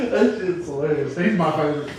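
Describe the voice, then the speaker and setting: Brief: higher-voiced man, laughing storyteller, echoey room, distant mic. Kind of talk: casual chat, retelling comedy bits.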